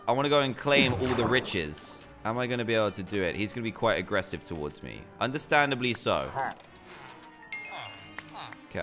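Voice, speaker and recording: Excitable British man commentating gameplay. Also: fairly low pitch. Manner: excitable, animated reactions. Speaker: gaming YouTuber.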